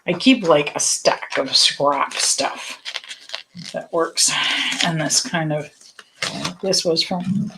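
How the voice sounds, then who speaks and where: Low-voiced, chatty woman teaching painting. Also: takes it slowly, long pauses, noisy background. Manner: chatty and rambling, with many fillers and asides; reassuring, encouraging. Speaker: painting instructor. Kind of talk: casual live-stream painting lesson.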